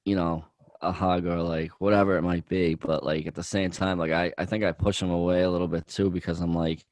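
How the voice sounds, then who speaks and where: A man co-hosting a casual podcast, speaking hesitantly and softly, with many fillers. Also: deep voice, little pitch movement, a little fast, no echo. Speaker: podcast co-host.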